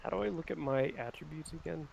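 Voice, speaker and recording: A man playing in an online tabletop game, narrating his character's actions slowly and dryly. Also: a little high, creaky, noisy background. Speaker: player.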